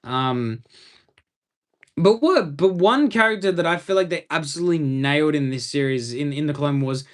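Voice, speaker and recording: A young Australian man talks casually on a live stream from a room in his home. His voice sits somewhat high for a man. He rambles through his points with a fan's enthusiasm. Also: lively intonation, moderate pace. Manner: rambling, enthusiastic fan commentary.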